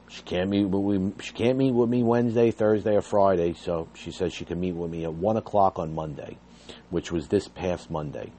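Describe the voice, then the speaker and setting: Low, mellow-voiced man telling his story. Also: a little hiss or hum. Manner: earnest, agitated retelling with rising intensity. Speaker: fired behavior therapist telling his story. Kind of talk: emotional personal storytelling.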